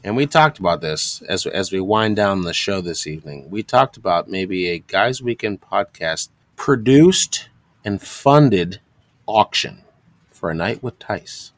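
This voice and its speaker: A man's voice: sits low, expressive, unhurried, dry recording. Rambling, profane man telling stories. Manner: rambling storyteller, profane and joking. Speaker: podcast co-host. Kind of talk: crude casual chat.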